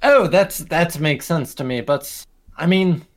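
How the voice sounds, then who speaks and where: A man at a tabletop game chats with the other players. His voice is fairly high, and his manner is playful, with hesitant starts. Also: expressive, unhurried. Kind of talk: casual tabletop game chat.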